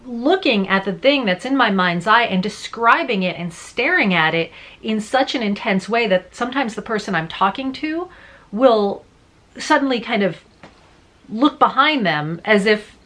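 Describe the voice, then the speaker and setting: A young adult woman who works as a voice-over artist and teacher, talking casually to camera and explaining with lively hand gestures. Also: mid-range voice, measured pace. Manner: animated, gestures with her hands while talking.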